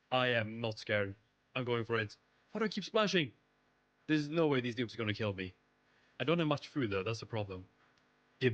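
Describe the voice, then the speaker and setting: A young man giving live commentary on his own gameplay, excitable and pleading with the game. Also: fairly high pitch, muffled recording. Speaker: gaming streamer.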